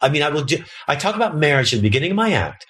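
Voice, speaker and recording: A man's voice: on the high side, sing-song, very fast, fairly bright tone. A man, a stand-up comedian talking bluntly and profanely as a podcast guest, slipping into mocking quoted voices. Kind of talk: casual podcast conversation.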